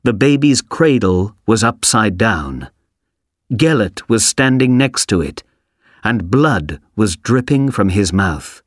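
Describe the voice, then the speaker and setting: A man reading a story aloud for a language textbook, slowly, clearly and expressively. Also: lowish voice, animated, no room sound, studio quality. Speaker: audio reader for a textbook. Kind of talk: scripted storybook narration.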